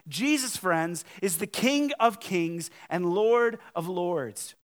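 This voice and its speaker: A man preaching a sermon as pastor, talking to his congregation in a conversational, emphatic way, his loudness swinging widely. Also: high voice, animated, takes it slowly, few pauses.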